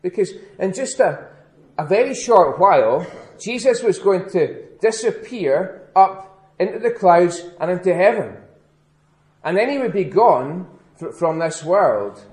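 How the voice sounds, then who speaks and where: A man as a pastor giving a children's address in church, speaking gently and slowly repeating key words for emphasis. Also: high-pitched, animated. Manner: gentle, questioning children, slow emphatic repetition. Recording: echoey church room.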